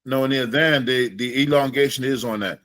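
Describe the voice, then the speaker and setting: A man teaching an Islamic studies class in a relaxed way, slowing down to demonstrate Arabic phrases. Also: mid-range voice, no room sound, poor audio.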